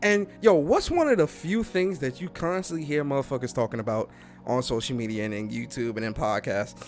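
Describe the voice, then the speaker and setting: Animated man hosting a podcast. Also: medium pitch, fairly quick. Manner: animated, repeats himself, greets chat. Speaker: podcast host. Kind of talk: casual livestream podcast chat.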